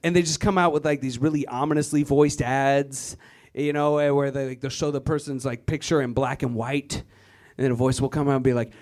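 A man's voice: on the high side, lively intonation, fairly quick. A man from Virginia doing a stand-up comedy set, rambling and laughing at his own lines. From Virginia, USA.

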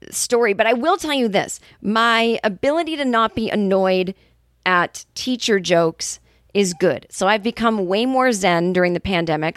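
A woman's voice: mid-range voice, dry recording, clean studio sound. A woman with a Boston accent hosting her podcast, a stand-up comedian ranting in a casual, exasperated, profane monologue.

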